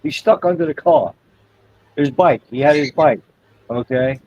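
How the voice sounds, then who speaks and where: A man's voice: on the high side, measured pace, warm tone, no echo. A middle-aged man with a dad's viewpoint, agreeing readily and telling stories in casual chat. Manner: agreeable, backs up the other speaker, tells anecdotes. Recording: dry, dull lo-fi sound.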